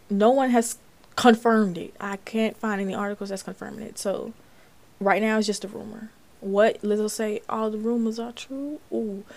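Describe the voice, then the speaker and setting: A woman's voice: medium pitch, a little mellow. A young woman from Florida hosting a podcast, chatting casually about celebrity news, reading articles aloud and reacting. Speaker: podcast host. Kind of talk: casual commentary.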